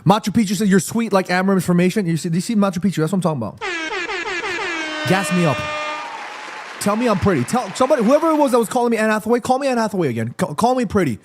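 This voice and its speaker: Streamer host, male, high and very lively voice, reads chat out, easily wound up. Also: racing, faint music behind. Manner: excitable, reads viewer messages aloud, swears. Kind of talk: casual live-stream watchalong chat.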